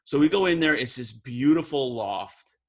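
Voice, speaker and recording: A man's voice: mid-range voice, expressive, normal speed. A man from New Jersey, co-hosting a podcast, telling a long rambling story full of "like" fillers. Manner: rambling, many "like" fillers, acts out quoted voices. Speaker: podcast co-host. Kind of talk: casual chat, storytelling.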